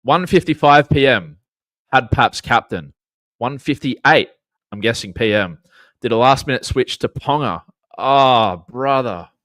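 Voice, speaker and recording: A man's voice: medium pitch, lively intonation, measured pace, a bit bright, no room sound. Australian man, podcast host, casual sports banter, joking, dry dead room. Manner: laid-back, jokey, swears freely. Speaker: podcast host reading chat.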